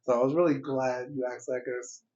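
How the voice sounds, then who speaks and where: A man's voice: mid-range voice, steady tone, fairly quick, darkish tone, distant mic. A young man hosting a podcast in casual chat, laid-back, laughing often and swearing casually. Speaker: podcast host. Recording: dull lo-fi podcast audio.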